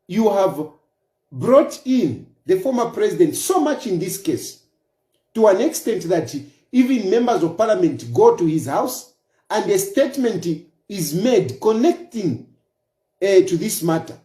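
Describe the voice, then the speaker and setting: A Zambian-accented man delivering an opinion monologue with a warm, mellow tone. His pitch swings widely as he presses his points again and again with rhetorical questions. The sound carries a noticeable room echo. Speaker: political commentator.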